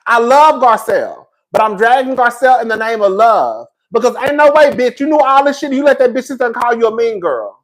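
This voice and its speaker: Animated trash-talking reality TV commentator. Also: male voice, very high-pitched, brisk, few pauses. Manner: animated, swearing, says girl constantly, laughs. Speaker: host.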